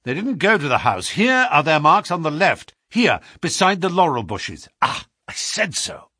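Brisk male detective, as a man reads him: quick, clear, commanding, lively pitch, dry sound. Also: no echo, full character voice.

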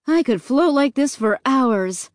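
Lady reading as a chill mom who scolds now and then, slow and dry. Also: high voice, expressive, no echo, voice pushed up. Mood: relaxed. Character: relaxed, gently scolding mother.

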